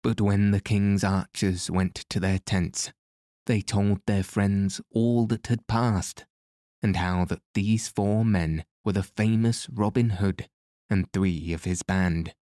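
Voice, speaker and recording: A man narrating a classic tale as an audiobook, in a steady, measured reading of archaic prose. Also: lowish voice, dry recording, studio quality.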